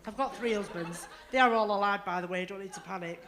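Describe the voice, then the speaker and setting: A woman's voice: medium pitch, fast talker, background noise. A woman doing a bawdy stand-up comedy set, swearing freely and laughing through her lines. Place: comedy club stage.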